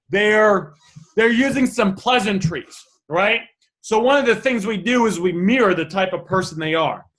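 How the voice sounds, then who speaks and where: A man's voice: high voice, fairly bright tone, rough recording. A young man teaching a live online sales class in a casual, loose way, reading out students' messages and thinking aloud with fillers. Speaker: sales trainer.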